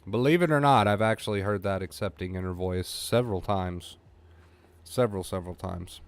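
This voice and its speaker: A man with a low, resonant, clear voice talks quickly on a live stream, coaching viewers in chat through anxiety recovery. He is blunt and repeats himself for emphasis.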